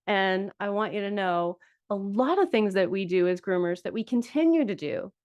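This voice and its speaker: A woman's voice: a little high, darkish tone. A woman in her fifties, a dog groomer hosting a podcast, talking frankly and chattily in casual solo talk. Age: 50s. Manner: frank, chatty, with fillers and laughs.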